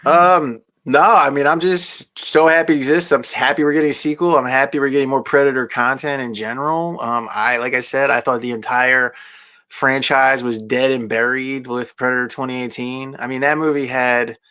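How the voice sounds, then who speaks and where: A man's voice: medium pitch, fairly even intonation, moderate pace, sharp tone, smooth. A young man chatting casually about movies, rambling with many fillers and restarts. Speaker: movie discussion guest.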